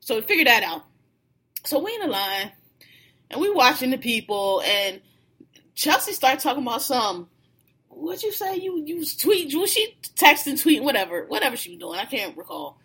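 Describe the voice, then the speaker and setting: A woman's voice: high-pitched, normal speed, slightly rough. A woman telling a story in casual chat, laughing and acting out what people said. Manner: animated, laughing, acts out quoted lines.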